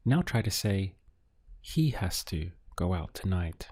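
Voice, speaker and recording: A man teaching beginner Spanish, modeling phrases slowly and deliberately in a scripted lesson. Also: deep voice, very animated, warm tone, husky, no echo. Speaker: language teacher.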